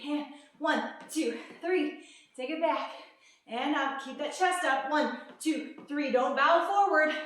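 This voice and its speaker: A woman fitness instructor leading a workout, counting reps and cueing moves while out of breath and upbeat. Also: high-pitched. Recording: echoey room, from a distance.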